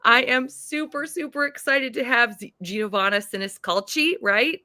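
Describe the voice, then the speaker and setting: A woman's voice: a little high, normal speed, bright, forceful tone, dry recording. A woman with an American accent hosting a live-stream author interview, gushing and exclamatory. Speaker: host.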